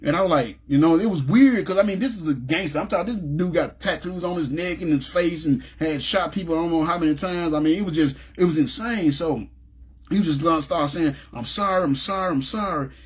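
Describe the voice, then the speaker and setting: Fast-talking husky man. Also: a little high. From Memphis, USA. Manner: animated, rambling, frequent "you know what I'm saying". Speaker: ministry speaker giving testimony. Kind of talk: personal testimony storytelling.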